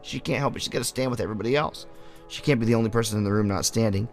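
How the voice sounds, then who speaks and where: A man's voice: fairly low pitch, rapid-fire, darkish tone, faint music behind. A man hosting a casual interview show, telling rambling stories and swearing freely. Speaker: podcast host. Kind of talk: casual chat.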